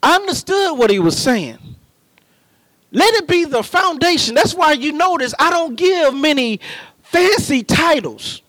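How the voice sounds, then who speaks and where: High-voiced impassioned preacher man. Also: big pitch swings, no room sound, low-quality recording. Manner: impassioned, rising to shouts and drawn-out emphasis. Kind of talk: sermon.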